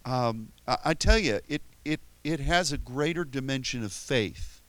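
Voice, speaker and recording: A man preaches in a relaxed, conversational way, often circling back and restarting his phrases. His voice sits at a middle pitch. The sound is dry and close, with no room echo. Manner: conversational, halting with frequent restarts; tells stories with chuckles and playful quoted voices. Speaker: pastor. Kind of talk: sermon.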